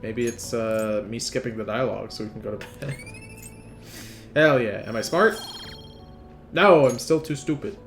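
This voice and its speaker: A man's voice: medium pitch, huge pitch swings, fairly bright tone, faint music behind. A man casually commentating his gameplay, joking and swearing as he rambles and reads dialogue aloud. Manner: joking, profane, rambling, quick to laugh. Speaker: let's play commentator.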